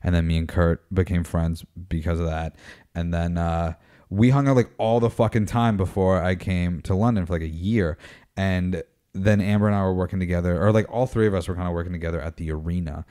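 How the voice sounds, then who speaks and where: A man's voice: deep voice, fairly even intonation, a little fast, dark tone, clear, resonant tone. A man co-hosting a podcast, telling a long story in a casual, profane, rambling way. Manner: rambling, profane, laughs through his story. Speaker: podcast co-host.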